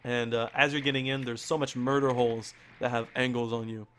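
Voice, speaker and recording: A man casting a live esports match, hoarse from losing his voice and talking in halting bursts full of restarts and fillers. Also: mid-range voice, little pitch movement, fairly bright tone, a little hiss or hum. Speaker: esports caster. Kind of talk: live play-by-play commentary.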